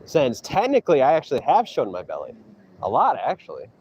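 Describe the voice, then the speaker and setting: A man streaming from an outdoor hike, trash-talking his chat in a boastful, mocking way with loud teasing outbursts. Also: medium pitch, huge pitch swings, brisk, breathy edge, dull audio. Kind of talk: casual trash talk to chat while hiking.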